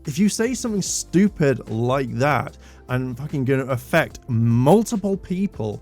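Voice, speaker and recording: A man's voice: mid-range voice, big pitch swings, measured pace, darkish tone, soft background music. A man giving an exasperated, indignant commentary rant to his channel's viewers, swearing when worked up. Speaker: commentary YouTuber. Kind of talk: ranting commentary.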